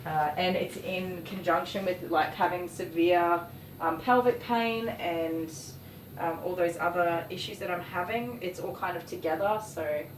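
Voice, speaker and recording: A woman's voice: lowish voice, unhurried. A woman chatting casually and rambling while she works as a dog groomer on a livestream. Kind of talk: casual chat while working. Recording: roomy, distant mic, faint noise.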